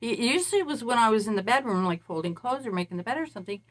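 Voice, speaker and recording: A woman's voice: on the high side, expressive, fast talker. Woman telling a meandering story. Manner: meandering, recounts events at length. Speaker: self-described spirit medium. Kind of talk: casual spoken monologue.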